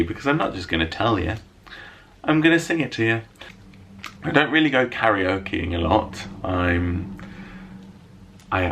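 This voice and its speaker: A man with a low, gravelly voice chats casually to his camera from a room at home. He answers viewer questions with a light, self-mocking humour. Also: pushed and bright, a little hiss or hum. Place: room at home lit by a window.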